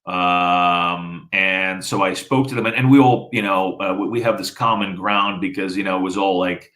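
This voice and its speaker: A man from the former Soviet Union, Russian his first language, talks in a relaxed, rambling way. His voice sits on the low side. He stops and restarts often and fills gaps with "you know". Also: moderate pace, low-quality recording. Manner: rambling, many fillers and restarts. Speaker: interviewee. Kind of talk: casual conversation.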